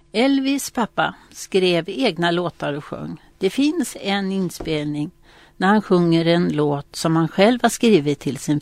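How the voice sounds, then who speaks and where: A presenter giving reflective scripted narration in a calm, thoughtful manner. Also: medium pitch, gravelly, no room sound.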